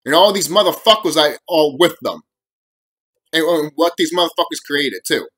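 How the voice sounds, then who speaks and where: A man's voice: a little high, animated, moderate pace, fairly bright tone. A young man ranting to camera on his video channel, heated and full of profanity and repeated phrases. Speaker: vlogger.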